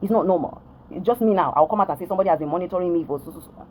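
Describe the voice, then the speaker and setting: Talking rapid-fire to the camera, this Nigerian vlogger rants at her followers in a warm, lowish voice, repeating herself for emphasis and checking again and again that they understand. There's a little hiss or hum, and the recording quality is low.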